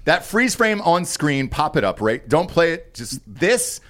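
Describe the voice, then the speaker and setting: A man's voice: on the high side, sing-song, measured pace, a bit bright. A man hosting a casual podcast, bantering loosely with crude jokes. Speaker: podcast host.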